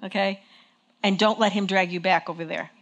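Speaking a little fast in a mid-range, fairly bright voice with fairly even intonation, a woman preaches to a church congregation in a chatty way. She draws them into call and response, checking in repeatedly with "okay?".

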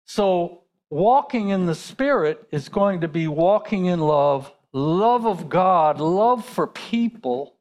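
A man's voice: high voice, darkish tone. A male pastor preaching a sermon in a conversational way, asking rhetorical questions.

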